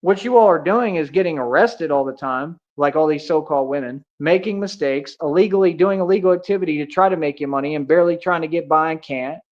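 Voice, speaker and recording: A man's voice: fairly high pitch, quick pace, few pauses, a little mellow. A man ranting on a livestream, confrontational and taunting, with heavy street slang. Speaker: streamer. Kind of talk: livestream rant. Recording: dull lo-fi audio.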